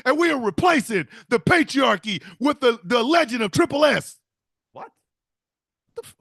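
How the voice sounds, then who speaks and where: A man's voice: very high voice, sing-song, moderate pace, vocal fry, fairly bright tone, dry recording, clean studio sound. A man hosting a comedic talk show, telling a rambling story full of laughter and swearing. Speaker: show host.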